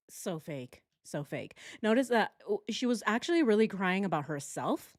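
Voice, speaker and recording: A woman's voice: mid-range voice, big pitch swings, moderate pace, few pauses, dry recording, studio quality. A woman hosting a true crime reaction, talking casually and sarcastically, mocking what she hears. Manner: sarcastic, mocking mimicry with laughs.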